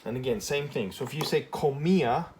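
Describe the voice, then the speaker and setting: A man's voice: mid-range voice, fairly quick, darkish tone. Chatty male Spanish teacher, faint hiss. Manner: chatty, checks in with "okay?", self-corrects. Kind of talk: casual classroom lesson at a whiteboard.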